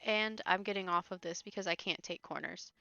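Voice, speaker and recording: A chatty, giggly woman streamer talks through her game. Her voice is bright and a little sharp, very close and dry. The stream audio is slightly dull, with faint music behind her. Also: fairly low pitch, steady tone, fairly quick, vocal fry, no echo. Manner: chatty, giggly, talks to chat between asides. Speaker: streamer playing a video game. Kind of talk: casual let's-play commentary.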